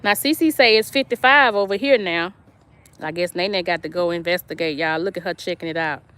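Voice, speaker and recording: A woman's voice: on the low side, a little fast, fairly bright tone, clear, resonant tone. A middle-aged woman, chatting casually on a live stream from her yard and reading viewer comments aloud between laughs. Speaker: vlog host. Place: outdoors in a yard.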